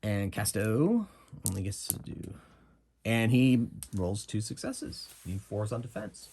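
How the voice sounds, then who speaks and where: A man runs a solo tabletop game, narrating the dice rolls and the story casually while he thinks aloud. His voice is low and husky, with an easy, unhurried delivery. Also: very animated, darkish tone. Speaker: game master playing solo.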